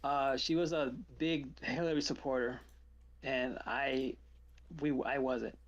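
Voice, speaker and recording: Animated man telling stories on a stream. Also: medium pitch, slow pace, muffled recording. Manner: animated storyteller, acts out quotes. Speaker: trading stream host. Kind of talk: casual chat on a live stream.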